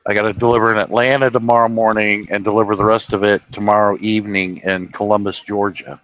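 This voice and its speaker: A man's voice: on the low side, little pitch movement, fast talker, fairly bright tone, dull audio. A man who drives a truck, chatting casually on a live stream from his truck cab, rambling through stories with swearing and false starts. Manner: storytelling with swearing and restarts.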